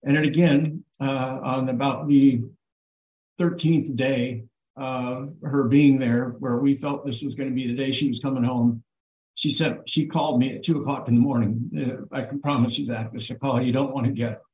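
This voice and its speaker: A man telling a personal story on a livestream in an earnest, halting way, with many fillers and restarts. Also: medium pitch, steady tone, a little mellow, reverberant, poor audio. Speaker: guest on a livestream. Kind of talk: emotional personal account.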